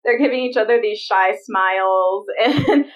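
A woman's voice: mid-range voice, measured pace, far from the mic, highs cut off. A young adult woman co-hosting a podcast in casual chat, giggly and explaining behind-the-scenes details. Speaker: podcast co-host.

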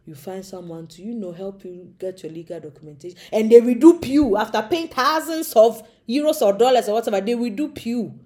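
A woman's voice: a little high, fairly quick, few pauses. A young woman from Africa, telling a comic monologue and slipping into small character voices. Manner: animated, acts out little voices. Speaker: comedic storyteller. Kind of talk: comedic monologue.

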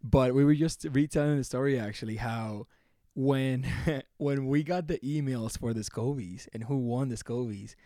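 A young man from the Philadelphia area who co-hosts the show, telling stories in an excitable, animated way, swearing and laughing as he goes. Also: mid-range voice, moderate pace, no echo, clean studio sound. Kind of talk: casual storytelling chat.

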